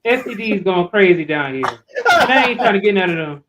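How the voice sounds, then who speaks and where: A man's voice: high voice, expressive, moderate pace, a bit bright, slight background noise, rough recording. A man appearing as a guest on a live stream, talking in a frank, laid-back way. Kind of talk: casual live-stream chat.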